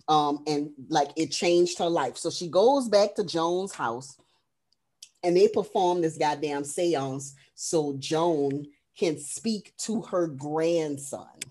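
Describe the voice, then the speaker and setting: A woman co-hosting a movie review podcast, casually retelling a film plot in a profane, animated way, full of "um" and "like.". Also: sits low, slow pace. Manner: frequent fillers like "um" and "like". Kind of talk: casual chat.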